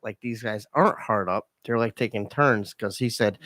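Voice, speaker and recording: A man's voice: on the low side, moderate pace, a bit bright, no echo. A man co-hosting a radio show, retelling stories and cracking crude jokes. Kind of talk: casual radio banter. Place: radio studio.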